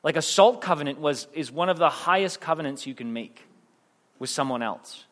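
A man's voice: a little high, lively intonation, normal speed, a bit bright, in a large hall. A male preacher giving a sermon in a casual, rambling way, with restarts and self-deprecating jokes.

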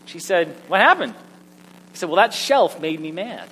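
A man preaching a sermon, telling personal stories in an animated, self-mocking way. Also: fairly high pitch, a little slow. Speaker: pastor. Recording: echoey hall with faint hum.

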